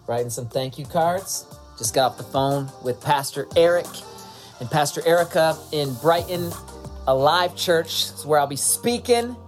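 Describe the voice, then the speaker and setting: A man's voice: a little high, measured pace, soft background music. A man, the church pastor, energetically introducing a guest speaker. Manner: energetic, hype-building. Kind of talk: sermon introduction.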